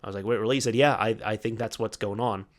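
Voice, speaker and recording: A solo podcast host with a lowish voice and a quick pace casually retells an old workplace story. He voices his coworkers' lines himself and laughs at the memory.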